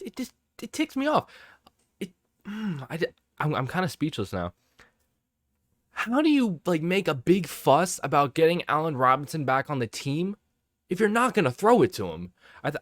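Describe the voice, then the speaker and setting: Exasperated, profane man ranting solo to camera; very animated pitch, dry recording. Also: dry recording. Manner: exasperated, profane, rambling with restarts. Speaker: sports fan vlogger. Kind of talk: casual ranting monologue to camera.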